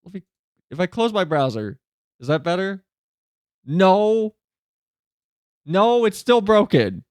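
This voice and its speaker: A man streaming live, chatting casually and answering questions from his chat, with quick asides that climb higher when he gets flustered. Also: very animated, a little mellow, dry recording.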